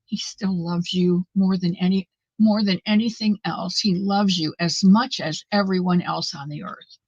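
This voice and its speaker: A woman's voice: lowish voice, steady tone, normal speed, dry recording, lo-fi sound. A middle-aged woman hosting a live knitting stream, chatting casually and earnestly with viewers in a motherly way. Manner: warm, motherly, talks straight to viewers; earnest and faith-filled.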